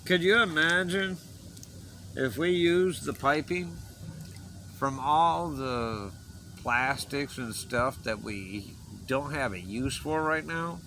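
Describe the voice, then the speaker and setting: A man's voice: on the high side, slow pace, pushed and bright, a little hiss or hum, rough recording. A man delivering an impassioned, rambling personal message to his viewers, earnest and emotional, pleading with them to listen. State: choked up. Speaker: vlogger.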